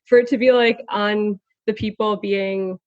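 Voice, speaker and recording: A woman's voice: mid-range voice, steady tone, a little slow, no room sound. A woman co-hosting a casual podcast, chatty and loose, full of "like" fillers. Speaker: podcast co-host. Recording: dry, dull lo-fi sound.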